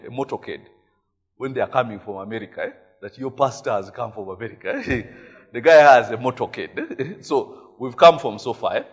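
Husky Ugandan preacher, eh-tagging storyteller. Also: male voice, mid-range voice, dull audio. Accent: Ugandan English. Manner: animated storytelling, frequent "eh?" tags, laughing often. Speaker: pastor. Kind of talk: sermon.

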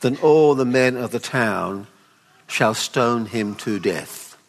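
A man preaching a sermon at a weekend away, expressive and pleading, often acting out the people in the story. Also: medium pitch, slow pace. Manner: expressive, voices the father pleading tenderly. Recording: long hall reverb.

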